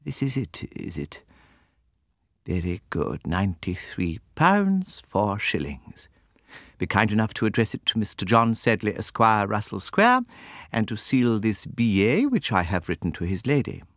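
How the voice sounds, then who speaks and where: A man's voice: fairly low pitch, very animated, unhurried, fairly bright tone, dry recording, studio quality, heavily acted. A man putting on a haughty, icy old schoolmistress. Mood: formal. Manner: cold, formal and imperious. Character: stern, haughty elderly schoolmistress. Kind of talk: audiobook character voice.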